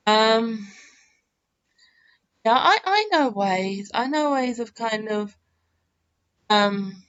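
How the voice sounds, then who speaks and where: A woman talks her way through a game in an unhurried, smooth voice, full of fillers and teasing herself as she goes. The audio sounds a little muffled and lo-fi. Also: fairly high pitch, animated, a bit bright. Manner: chatty, self-mocking, thinks aloud with many fillers. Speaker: game channel host. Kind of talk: rambling gameplay commentary.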